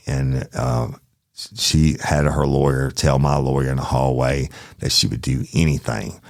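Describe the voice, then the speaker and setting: A man's voice: rumbling low, steady tone, unhurried, vocal fry, darkish tone, dry recording, studio quality. A man telling a true crime story in a casual, profane way, speaking directly to his listeners.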